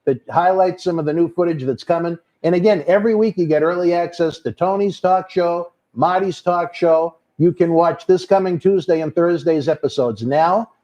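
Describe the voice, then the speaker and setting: A man's voice: fairly high pitch, moderate pace, hardly any pauses, darkish tone, muffled recording. A man with a Boston accent hosting a live wrestling watch-along, reading out viewer comments and calling people brother. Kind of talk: casual live-stream chat.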